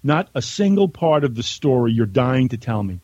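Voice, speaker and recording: A man's voice: mid-range voice, big pitch swings, moderate pace, a little mellow, no echo, muffled recording. A man from the United States, a podcast guest, reading his own letter aloud in a blunt, conversational way on a remote call. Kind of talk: casual chat and reading aloud.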